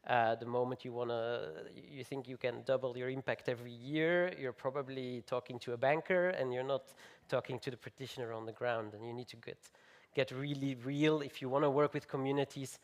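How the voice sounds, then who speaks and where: A man speaking as a panelist at a conference, measured with frequent fillers and restarts. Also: mid-range voice, fairly even intonation.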